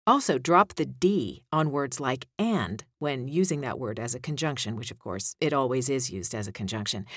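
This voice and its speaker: A woman's voice: low-pitched, sing-song, moderate pace, few pauses, no echo, clean studio sound. A woman giving voiceover coaching tips in a conversational way, demonstrating line reads as she goes.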